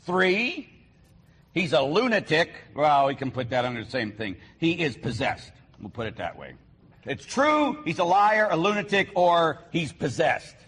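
Emphatic husky male preacher in a hall. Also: fairly high pitch, animated, unhurried. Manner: emphatic, swinging between loud declarations and quiet asides. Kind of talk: sermon. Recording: long hall reverb.

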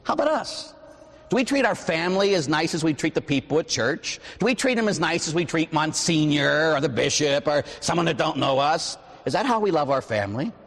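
A man's voice: fairly high pitch, very animated, fairly quick, fairly bright tone, long reverb tail. A man in his forties from Pittsburgh, a Catholic priest giving a conversational sermon, telling stories and tossing in "huh?" asides. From Pittsburgh, USA. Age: 40s. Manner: conversational, storytelling, frequent "huh?" asides, acts out quoted voices. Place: church.

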